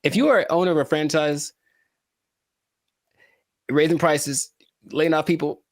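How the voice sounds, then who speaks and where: A man hosting a casual podcast, animated and jokey, with rambling asides. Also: a little high, a little slow, no room sound, studio quality. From California. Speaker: podcast host and musician.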